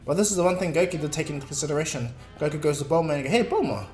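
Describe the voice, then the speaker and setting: A man casually narrating a fan-made story, rambling and filling gaps with ums. His voice sits a bit high for a man. The recording is roomy, with soft music underneath. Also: rapid-fire. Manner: rambling, filler-heavy, self-correcting. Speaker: video creator. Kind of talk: casual fan-fiction retelling.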